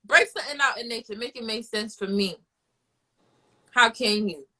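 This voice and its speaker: A woman's voice: on the high side, normal speed, bright, forceful tone. A woman host in casual chat, ranting in a profane, fired-up way.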